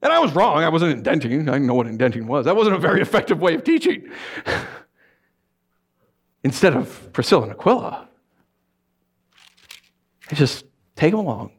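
Man preaching, slightly higher voice, animated storytelling, acts out voices. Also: normal speed, long pauses, breathy edge. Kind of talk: sermon.

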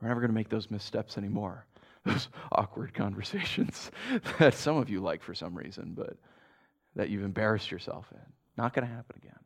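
A man's voice: lowish voice, fairly quick, gravelly. A man, a pastor, giving a casual, conversational sermon to a congregation. He chuckles often and keeps checking in with "right?".

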